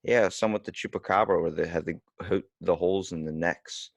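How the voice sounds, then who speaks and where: A man with a low, gravelly voice trades irreverent jokes as a podcast co-host. His voice sounds dry and close to the mic. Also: brisk, no room sound. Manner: joking, irreverent banter. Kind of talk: casual chat.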